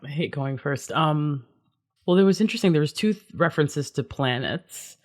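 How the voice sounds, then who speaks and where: A man's voice: on the high side, lively intonation, normal speed. A man playing a word game on a podcast, teasing the host and thinking aloud. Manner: teasing, laughs often. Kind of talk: casual game-show banter.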